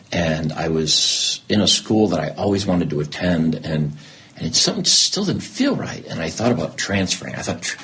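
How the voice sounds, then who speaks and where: Deep-voiced man telling his story candidly. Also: a little hiss or hum. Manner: animated storyteller who acts out remembered dialogue. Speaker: podcast guest. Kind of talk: candid personal interview.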